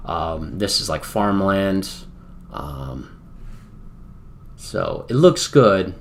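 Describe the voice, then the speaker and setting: A man's voice: low voice, lively intonation, extremely slow, gravelly. An American man streaming a wargame, talking in a rambling, casual way with lots of fillers. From United States. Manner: rambling, filler-heavy, chatty. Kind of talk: casual live-stream commentary.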